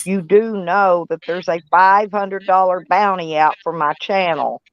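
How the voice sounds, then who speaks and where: A woman's voice: lowish voice, unhurried, clean tone, no room sound. A woman, chatting casually and rambling on a live stream. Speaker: van life live streamer. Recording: dull, dry lo-fi sound.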